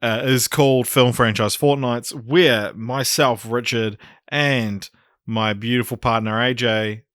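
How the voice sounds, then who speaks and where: Guy cohosting a podcast, bright voice, dry close mic, chatty n rambly. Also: medium pitch, steady tone, slow pace, dry recording. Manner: chatty, laughs often, rambling. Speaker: podcast co-host. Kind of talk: casual chat.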